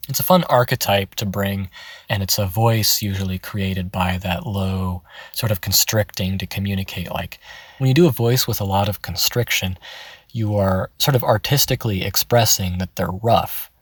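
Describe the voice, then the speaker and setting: A man giving a relaxed, chatty voice-acting tutorial, laughing often. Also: low voice, moderate pace, slightly rough, no echo. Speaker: voice acting teacher. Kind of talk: casual tutorial. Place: in his car.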